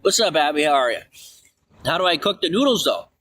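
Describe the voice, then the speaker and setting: Excitable man with a bright, lively voice. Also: brisk, slight background noise. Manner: excitable, swings from shouting to low grumbling. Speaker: livestreamer. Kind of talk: rambling live-stream chat.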